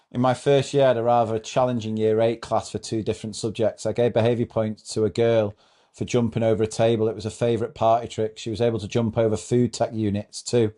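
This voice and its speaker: A man's voice: lowish voice, little pitch movement, fairly quick, warm tone. Man reading funny stories, laughing. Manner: amused, often breaks into laughter while reading. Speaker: host reading out a thread of teacher stories. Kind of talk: casual reading of funny anecdotes.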